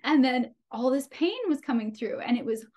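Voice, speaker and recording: A young adult woman, a podcast guest, telling a personal birth story with animated delivery, often laughing and acting out dialogue. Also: high voice, normal speed.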